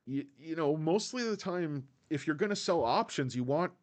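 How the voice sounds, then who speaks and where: Reading chat on his casual livestream, this host rambles easily, says "guys" a lot, and slips into put-on voices to quote film lines. His voice is a little high and animated, at a moderate pace.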